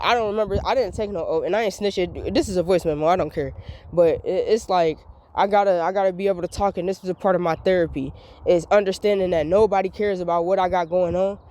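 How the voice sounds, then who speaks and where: A woman's voice: mid-range voice, a little mellow. A woman, venting in a rambling, repetitive, emphatic monologue recorded as a voice memo. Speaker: vlogger.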